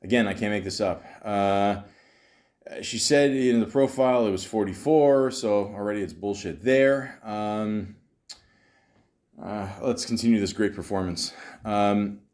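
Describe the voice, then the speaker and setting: A man's voice: fairly low pitch, a little slow, a little mellow. A man hosting a comedy podcast, ranting in exasperation and stammering often. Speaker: podcast host. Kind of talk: comedic commentary.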